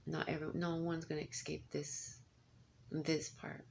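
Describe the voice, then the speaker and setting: Rambling woman with a gravelly voice. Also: low voice, flat delivery, a little slow, darkish tone. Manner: rambling, many restarts and asides. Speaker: parent. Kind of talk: casual rambling monologue. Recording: faint background noise.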